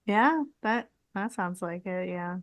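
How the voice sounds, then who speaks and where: A woman co-hosting a podcast, chatting casually about a horror movie, quick to agree and joke along. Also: on the low side, lively intonation. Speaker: podcast co-host. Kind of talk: casual movie commentary chat.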